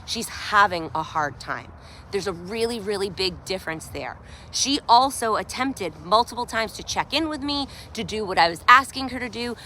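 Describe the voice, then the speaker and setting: Upbeat woman dog trainer, bright voice. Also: normal speed. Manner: upbeat, praises dog in high excited bursts. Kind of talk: live training commentary. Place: outdoors by a sidewalk. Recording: faint outdoor noise, at times far from the camera.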